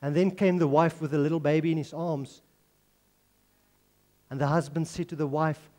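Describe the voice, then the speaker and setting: A man's voice: fairly high pitch, fairly even intonation, moderate pace, pauses often, darkish tone. A man preaching a sermon, telling a story and then earnestly pleading with his listeners. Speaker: pastor.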